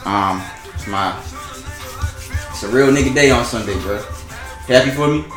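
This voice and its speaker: A man's voice: medium pitch, moderate pace, a bit bright, reverberant, soft background music. A man in his twenties hosting a podcast, talking in loose, profane, joking banter. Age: 20s. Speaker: podcast host. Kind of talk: casual podcast chat.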